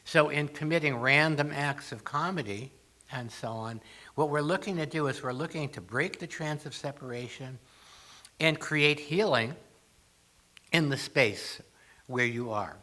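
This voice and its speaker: A man's voice: on the high side, unhurried, bright, forceful tone. An older man speaking as a guest at a spiritual gathering, telling humorous stories with acted asides. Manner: storytelling with jokes and acted asides. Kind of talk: humorous talk to a congregation.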